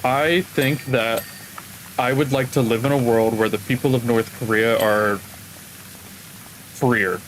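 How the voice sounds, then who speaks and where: A man of ordinary pitch talks loosely on a gaming stream, wandering through stories and often stopping to find his words. A faint hiss runs underneath. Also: steady tone, a little slow, pauses often, low-quality recording. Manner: rambling storyteller, trails off mid-sentence. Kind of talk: casual chat while gaming.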